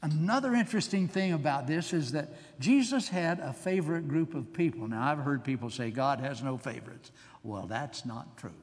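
An older male preacher with a slightly raised voice delivers a sermon. He talks in a conversational, musing way and drifts into asides and soft chuckles. The sound carries a long reverb from a hall. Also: a little high, expressive, normal speed.

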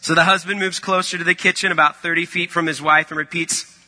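A man's voice: on the high side, level tone, quick pace, sharp tone, in a large hall. A man preaching a sermon in a conversational, storytelling way. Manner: conversational, storytelling with acted-out quotes.

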